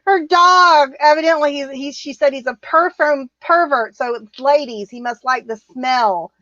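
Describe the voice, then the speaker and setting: A woman's voice: sits high, a little slow, a bit bright, dry recording. Chatty woman streaming, dull lo-fi sound. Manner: chatty, rambling, laughs easily. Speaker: livestream co-host. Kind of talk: casual live-stream chat reading comments.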